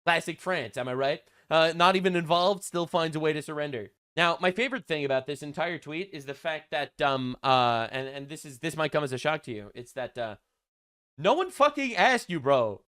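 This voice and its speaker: A man's voice: a little high, lively intonation, moderate pace, sharp tone, clear, resonant tone. A man giving sarcastic, crude political commentary as a vlogger.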